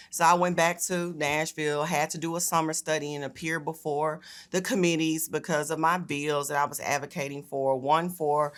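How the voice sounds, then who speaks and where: A woman's voice: low-pitched, steady tone, normal speed, hardly any pauses. A young woman, a state senator giving a personal testimony in an earnest, conversational way with frequent fillers. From Memphis, Tennessee.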